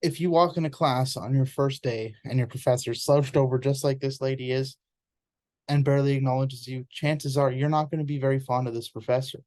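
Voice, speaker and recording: A man explains a topic in an informal presentation, speaking earnestly and conversationally and catching himself mid-word now and then. His voice is warm and mellow, with a middling pitch. The sound is close and dry, with no room around it. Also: fairly even intonation, a little fast, no echo.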